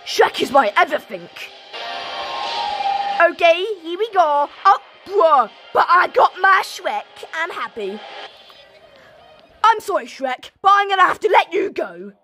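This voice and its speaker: A woman giving goofy, excitable gameplay commentary, shouting now and then, with a sore throat. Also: extremely high pitch, measured pace, faint music behind. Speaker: gaming video creator.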